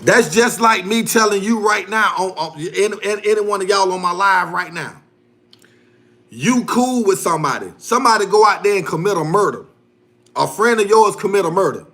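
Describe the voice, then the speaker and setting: Heated high-voiced man ranting on a livestream. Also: expressive, normal speed, a bit bright. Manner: heated, repetitive, slangy, loose grammar. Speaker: livestream host. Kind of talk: casual livestream rant.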